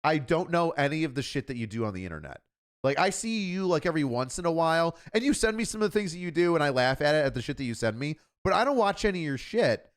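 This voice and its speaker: A man's voice: on the high side, big pitch swings, fast. A man, a police officer hosting a stream, talking in a rambling, profane, laughing way. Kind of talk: casual chat.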